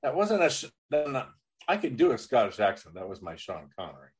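A man's voice: medium pitch, a little fast, husky. A man hosting a comedy podcast, joking crudely and bantering loosely. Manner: animated and joking, with a lively, swinging delivery. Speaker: podcast host.

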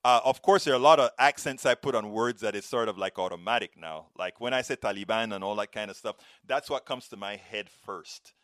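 A middle-aged man from Panama with a Panamanian Spanish accent, hosting a live stream and reading viewer comments, rolling his R's in a lively, expressive way. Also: fairly low pitch, a little fast, few pauses, no echo, studio quality.

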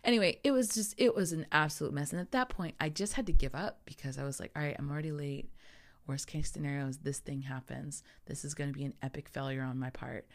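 Casual storyteller: a woman with a low, husky-gravelly voice and a mellow tone, dramatizing her own panic as she speaks. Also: fast talker. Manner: animated, acts out her own panic in quoted asides. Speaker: photographer telling a travel story.

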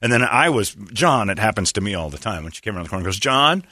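Man, radio host, casual morning banter, self-deprecating storyteller, lively swooping pitch, dry close sound. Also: very fast, no room sound. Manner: rambling self-deprecating storyteller, mimics people.

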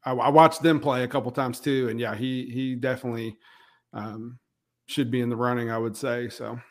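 A man's voice: medium pitch, steady tone, normal speed. A man co-hosting a sports podcast, agreeing easily and hesitating with frequent ums. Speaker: podcast co-host. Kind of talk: casual sports chat.

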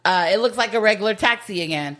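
A woman's voice: mid-range voice, fast talker, a bit bright. A woman casually retelling a film's plot with a co-host, leaning on fillers like "like" and "you know". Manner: chatty, filler-heavy retelling with laughs. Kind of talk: casual movie recap chat.

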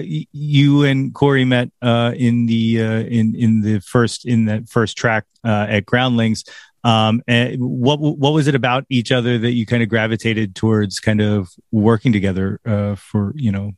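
A man hosts a casual podcast interview, feeling his way through each question with ums, uhs and restarts. His voice is mid-pitched and recorded dry, with no room sound. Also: fairly even intonation, dry recording. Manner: halting, many fillers and restarts. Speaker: podcast host.

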